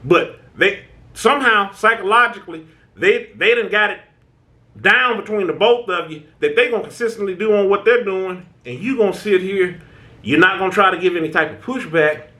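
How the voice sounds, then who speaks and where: A high-pitched man with a sharp tone, talking at normal speed, hosts his channel's self-help session. His speech is casual, American and preachy, interrupted by stammering restarts and regular "right?" checks.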